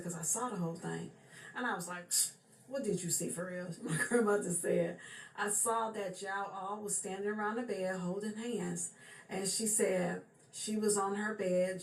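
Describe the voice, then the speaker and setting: A woman telling a personal story in a casual, chatty way, often circling back with "she said" and "for real.". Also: medium pitch. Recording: echoey room with faint background noise.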